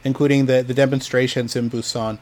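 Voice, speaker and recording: Halting man recounting history, full of fillers. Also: medium pitch, little pitch movement, darkish tone. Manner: hesitant, many fillers and restarts. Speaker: podcast co-host telling a history story. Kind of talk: casual podcast chat.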